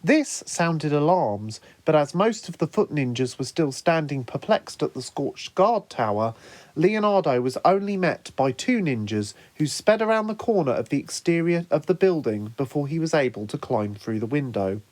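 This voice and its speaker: A man narrating his own fan story in a lively storytelling manner. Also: fairly high pitch, normal speed, no echo. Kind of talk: fan audiobook reading.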